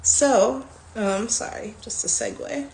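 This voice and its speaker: A woman around forty, talking candidly and warmly about her self-healing in a casual vlog, sometimes dropping to a soft whisper. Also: on the high side, takes it slowly, gravelly, noisy background. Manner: chatty, candid, self-affirming. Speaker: vlogger.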